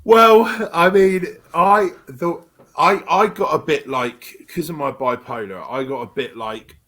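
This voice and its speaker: A man, an actor guest, telling stories in a rambling, animated way with many restarts. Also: mid-range voice, a little slow. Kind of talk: casual interview chat.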